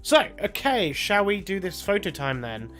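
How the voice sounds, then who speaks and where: A man's voice: high voice, sing-song, moderate pace, fairly bright tone. Cheeky recorded message from a man. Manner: cheeky, profane, bossy instructions. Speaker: resident videographer. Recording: played-back recording with music behind.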